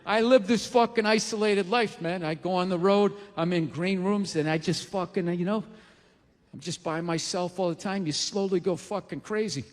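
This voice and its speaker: A man in his forties doing a loud, profane stand-up comedy set on a theater stage. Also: high voice, moderate pace. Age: 40s. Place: theater stage before an audience. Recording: live theater reverb, crowd noise.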